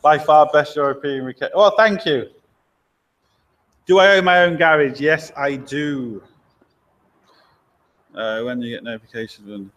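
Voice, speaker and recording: A man's voice: a little high, unhurried, long pauses, fairly bright tone, highs cut off. A man, a garage owner chatting casually on a live stream, answering viewer questions with easygoing, blunt opinions and frequent laughs. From Lincoln, England.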